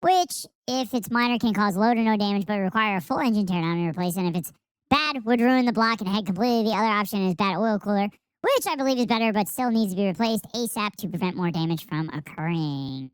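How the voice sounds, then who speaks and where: A man speaking through a high-pitch voice changer filter, reading quickly and swearing casually. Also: animated, clear, resonant tone, no echo, studio quality.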